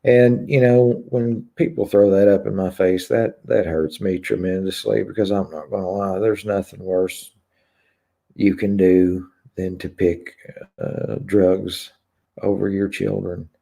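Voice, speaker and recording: Low, gravelly and warm, this YouTube host's voice stays level as he talks slowly on a live stream, reading out viewer comments. He hesitates often, using lots of pauses and fillers, and opens up in a candid, confessional way.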